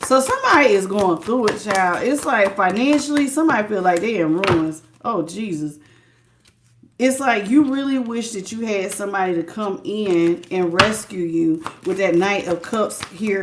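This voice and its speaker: A woman giving a live tarot reading, chatty and emphatic, greeting viewers by name and repeating words for stress. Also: medium pitch. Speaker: tarot reader.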